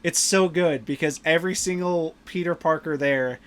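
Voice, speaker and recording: A man's voice: a little high, moderate pace, a bit bright. A man hosting a podcast, animatedly retelling movie scenes in casual chat and laughing often. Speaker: podcast host.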